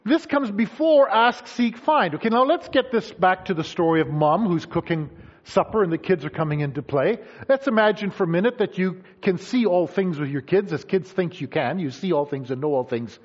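A man's voice: sits high, normal speed. A man preaching a sermon, acting out voices of people he quotes. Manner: animated, acts out quoted voices. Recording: dull lo-fi sound.

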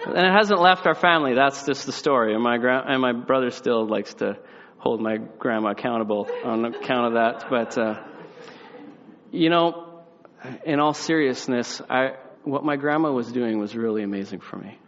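A young man preaching tells a family story, acting out lively voices before sliding into quiet, earnest reflection. His ordinary-pitched voice, at normal speed, sounds slightly muffled and rings through a big reverberant hall, with a crowd audible in the background.

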